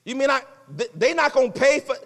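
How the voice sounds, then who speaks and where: A man preaching a sermon as pastor, conversational and folksy, swinging between loud exhortation and hushed asides. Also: extremely high pitch, fast, in a large hall. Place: church sanctuary.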